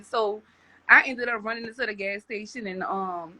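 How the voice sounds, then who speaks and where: A woman's voice: fairly high pitch, normal speed, very noisy. A woman telling a personal story as a podcast guest, rambling with many restarts and repeated words.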